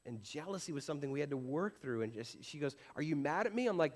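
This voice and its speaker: A man's voice: on the high side, animated, fast talker. A man preaching a sermon as pastor, conversational and self-deprecating, with frequent rhetorical questions. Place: church sanctuary.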